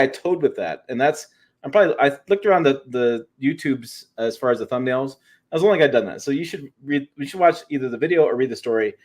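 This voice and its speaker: A man co-hosting a pickup truck livestream in a loose, chatty way. He rambles, restarts his sentences often and leans on fillers while his voice stays at an ordinary mid pitch. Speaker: co-host of a truck show. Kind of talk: casual livestream chat.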